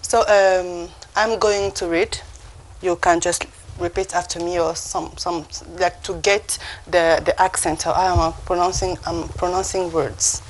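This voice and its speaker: A woman's voice: lowish voice, little pitch movement, poor audio. Careful female teacher on TV. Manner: slow, careful pronunciation with frequent restarts. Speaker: French teacher on a TV segment. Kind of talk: language lesson.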